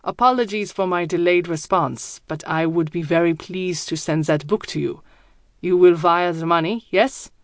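A woman voicing a courteous older male professor with a deep voice and a German accent, speaking formally. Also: normal speed, no echo, clean studio sound, natural voice.

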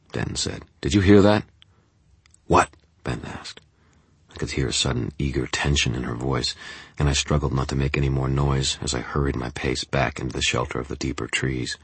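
A man narrates an audiobook in the first person, keeping a tense, steady pull through the story. His voice is extremely deep and husky. It is recorded on a close studio mic with a completely dry sound. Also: no room sound.

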